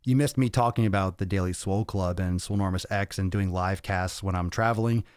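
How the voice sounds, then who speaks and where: A male podcast host, out of breath, chatting casually on a livestream and reading viewer comments in an energetic, profane, rambling way into a podcast mic. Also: deep voice, a little fast, clear, resonant tone, dry recording, studio quality. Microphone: podcast microphone.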